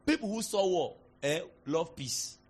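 A high-pitched Nigerian man preaching to a congregation. He swings from quiet asides to loud, fervent declarations. His delivery is lively and animated. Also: measured pace, slight background noise. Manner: animated, shifts from soft asides to shouted declarations. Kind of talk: sermon.

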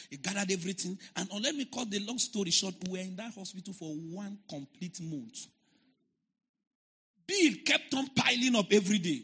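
A man preaching a sermon as a pastor, telling a story and shouting and chanting at its peaks. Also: high-pitched, very animated, a little fast, breathy edge.

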